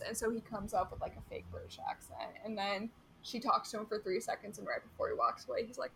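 Bright-voiced chatty woman co-host. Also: mid-range voice, animated, a little hiss or hum, poor audio. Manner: chatty, recaps scenes with quick asides. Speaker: podcast co-host. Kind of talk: casual chat.

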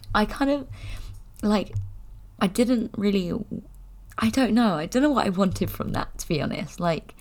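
A woman's voice: on the low side, darkish tone. A young woman chatting candidly to camera, rambling and giggling as she talks. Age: young adult. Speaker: vlogger. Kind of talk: casual chat.

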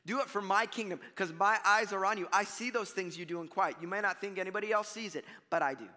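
A pastor delivers his sermon in a loose, conversational way, animated as he acts out the voices of the people he describes. His voice sits high and bright. The sound carries the long reverb of a church hall. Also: fast. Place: church sanctuary.

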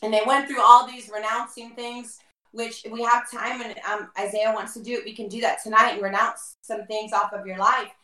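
A middle-aged woman telling her personal testimony as a guest, animated and acting out the dialogue she quotes. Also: fairly high pitch, normal speed. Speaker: guest, former worship leader. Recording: roomy echo, mic far off.

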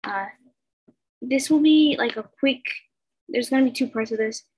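Here a teenage-sounding girl reads fan fiction in her bedroom over a laptop video call, and the audio quality is poor. Her voice sits a little high, with a darkish, breathy tone and a moderate pace, and her delivery is loose and unsure, full of stumbles and filler words.

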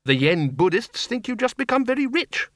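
A man playing timid elderly zombie wizard, hesitant, stammering, lively pitch. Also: normal speed, no echo, studio quality, full character voice. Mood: musing.

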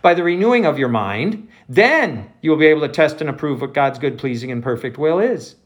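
A man's voice: on the high side, expressive, brisk. A pastor preaching a conversational sermon, talking to his listeners directly and calling them folks.

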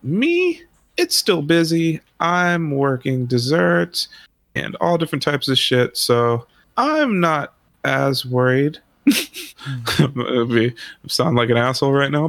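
This long, loose story comes from a man whose mid-range voice is a bit bright and carries vocal fry. He curses a lot and keeps laughing as he rambles, captured in a dry recording.

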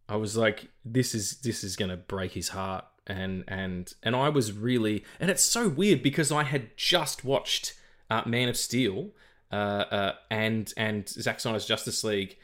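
Aussie guy on a podcast, kinda low voice, rambles and swears, trips over his words. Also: animated, measured pace, fairly bright tone. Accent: Australian. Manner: rambling, profane, stumbles over repeated words. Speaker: podcast co-host. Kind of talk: casual chat.

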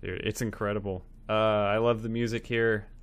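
A man's voice: fairly low pitch, flat delivery, normal speed. A man co-hosting a movie podcast, easygoing and enthusiastic in casual chat. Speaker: podcast co-host.

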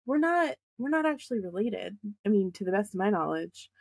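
A woman co-hosting a podcast in casual chat, animated and quick to laugh as she tells stories. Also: medium pitch, no echo. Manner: chatty, laughs often, animated storytelling. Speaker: podcast co-host.

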